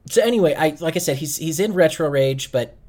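A man's voice: fairly high pitch, expressive, a little fast, a little mellow. A man co-hosting a podcast in casual chat, rambling with fillers and restarts. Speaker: podcast co-host.

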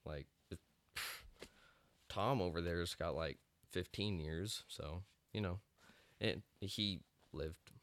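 A man's voice: deep voice, slow pace, a bit bright, no room sound. A young man from the Texas Panhandle, hosting a podcast in a blunt, joking, encouraging way. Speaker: podcast host. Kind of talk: casual monologue.

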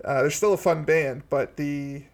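A man's voice: a little high, fairly even intonation, unhurried, vocal fry. A man co-hosting a music podcast, talking casually with many likes and restarts. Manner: rambling, lots of fillers and restarts. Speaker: podcast co-host. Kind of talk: casual chat.

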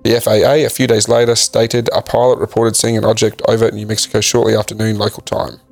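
A man co-hosting a casual podcast, reading facts from a list in a halting way with frequent ums. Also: fairly low pitch, monotone, gravelly, soft background music. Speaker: podcast co-host. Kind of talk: casual chat.

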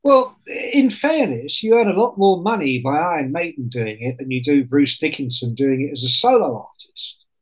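A man in casual chat on a podcast, telling stories in an animated way and swearing often. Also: fairly high pitch, fairly quick, husky, low-quality recording.

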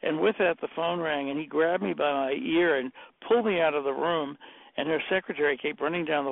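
An older man, a decorator telling rambling, animated anecdotes and acting out the quotes in a casual chat. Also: a little high, fairly quick, vocal fry, no room sound. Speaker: interior decorator guest. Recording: dry tinny phone-like audio.

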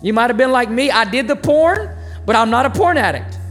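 A preacher delivers a sermon in a casual, emphatic voice at a medium pitch. The talk moves quickly and swings between loud outbursts and quiet asides. Soft music plays faintly underneath. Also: lively intonation. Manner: conversational and emphatic, with sudden swings in volume.

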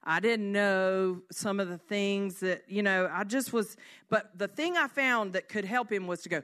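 A woman giving a devotional teaching in an earnest way, reading scripture slowly and at times dropping to a soft hush. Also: mid-range voice. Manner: earnest, slows down to read scripture. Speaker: speaker.

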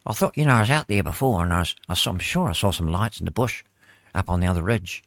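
A man co-hosting a radio show, telling stories in a meandering, halting way. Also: sits low, expressive, gravelly, no echo, clean studio sound. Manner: meandering storyteller, halting starts. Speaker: radio co-host. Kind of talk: casual radio banter.

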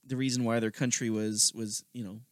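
A man's voice: on the low side, little pitch movement, fairly quick, no room sound, studio quality. A man co-hosting a podcast in casual chat, giving blunt, opinionated takes. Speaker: podcast co-host.

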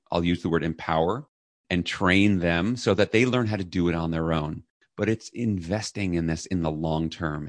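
A middle-aged man, a podcast guest, telling a personal story in an earnest, reflective way and briefly acting out the loud lines he quotes. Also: deep voice, dry recording, clean studio sound.

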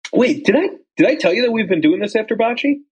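A man's voice: high voice, expressive, fast, husky, rough recording. A young man co-hosting a casual chat, telling loose, rambling stories full of fillers. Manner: rambling storyteller, lots of likes and ums. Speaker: podcast co-host.

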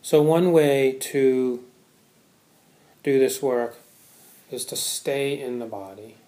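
A man's voice: mid-range voice, slow, warm tone, echoey room. A man giving a Buddhist Dharma talk to a live audience, conversational, often checking in with "right?". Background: audience laughter.

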